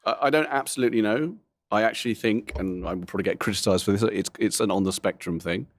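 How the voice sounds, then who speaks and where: A middle-aged comedian talks candidly in a low-pitched voice, rambling through frank, self-deprecating asides. The recording is close and dry with no room sound. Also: male voice, fast talker, no room sound. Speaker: comedian guest. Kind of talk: candid interview talk.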